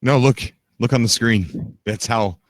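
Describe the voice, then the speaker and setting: A man's voice: medium pitch, a little slow, dry recording. A man hosting a game stream in casual chat, joking and laughing often with his co-hosts. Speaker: streamer host.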